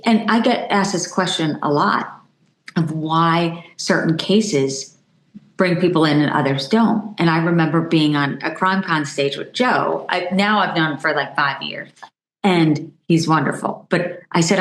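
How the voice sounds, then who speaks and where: A woman's voice: low-pitched, moderate pace, reverberant. A middle-aged woman, a journalist guest on a podcast, telling stories animatedly and acting out what others said. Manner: animated storytelling, acts out quoted voices. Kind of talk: conversational podcast interview.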